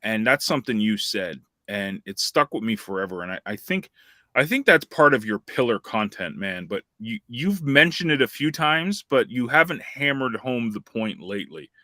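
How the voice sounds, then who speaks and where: Male podcast host, bright dry voice, emphatic and repetitive. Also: medium pitch, expressive, moderate pace, dry recording. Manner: emphatic, repeats points for effect. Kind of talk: casual podcast chat.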